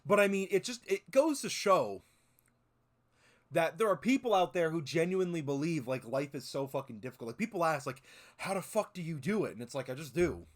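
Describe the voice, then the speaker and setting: This streamer, a guy in his 20s, chats loosely while reacting to videos, cursing a lot and leaning on fillers. He speaks a little high, animated and fairly quick.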